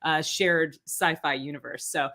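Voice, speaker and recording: A woman's voice: sits low, fairly even intonation, a little slow, sharp tone. A woman hosting a casual livestream chat from home over a video call, chatty and giggly, with lots of fillers. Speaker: livestream host.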